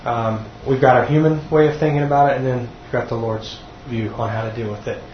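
A man's voice: medium pitch, fairly even intonation, fairly quick, slight background noise. A man teaching a sermon to a group, earnest, often repeating words as he restarts. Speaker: teacher at a church class. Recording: dull echoey room recording.

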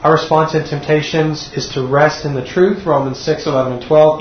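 A man's voice: on the high side, steady tone, normal speed, hardly any pauses, a little hiss or hum. A man teaching a sermon to a group, earnest, often repeating words as he restarts. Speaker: teacher at a church class. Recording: dull echoey room recording.

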